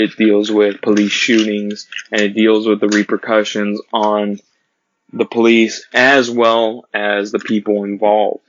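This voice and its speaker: A man giving an earnest casual film review, recounting scenes with pauses and restarts. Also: lowish voice, dull audio, a little hiss or hum.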